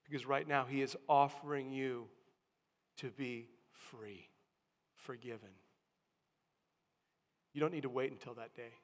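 A man preaching a sermon, swinging from hushed tones to loud emphatic calls. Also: mid-range voice, fairly even intonation, a little slow, pauses often, big-room sound.

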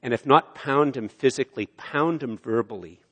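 A man preaching a sermon in a church, swelling loud on key lines and dropping low and quiet on others. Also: moderate pace, slightly rough. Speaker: pastor. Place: church sanctuary. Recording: long hall reverb of a church.

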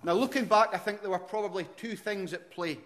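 Earnest Scottish preacher from Aberdeen. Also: male voice, high voice, a little fast, a bit bright. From Aberdeen, Scotland. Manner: earnest preacher, frequent restarts, rises in volume when telling stories. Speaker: pastor. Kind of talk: sermon.

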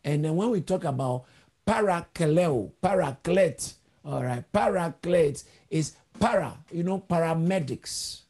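Gravelly-voiced preacher teaching word roots. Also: male voice, on the high side, animated, unhurried, darkish tone. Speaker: pastor. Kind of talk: sermon.

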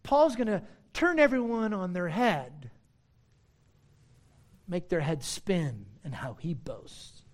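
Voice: mid-range voice, lively intonation, slow, long pauses. A preacher giving a sermon, teaching in an emphatic, conversational way with frequent asides and a sarcastic edge.

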